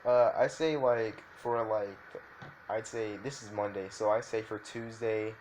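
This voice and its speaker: A man's voice: on the low side, fairly even intonation, a little slow, a little mellow, a little hiss or hum. A man improvising a fan fiction story, rambling loosely with many fillers and restarts.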